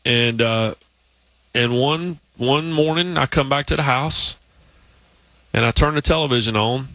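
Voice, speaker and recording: A man's voice: medium pitch, a little slow, sharp tone, no room sound. A man hosting a sports talk show, telling long stories in a casual, rambling way. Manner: storytelling, rambling with restarts. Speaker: podcast host.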